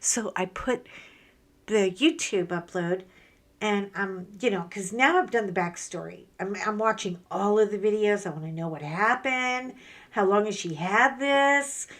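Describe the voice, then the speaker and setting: A woman in her fifties hosting a craft channel. She chats candidly while she works, and her talk grows animated and emotional as she tells a story. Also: medium pitch, unhurried. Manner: chatty and candid, animated retellings with rising emotion. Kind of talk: casual chat while crafting.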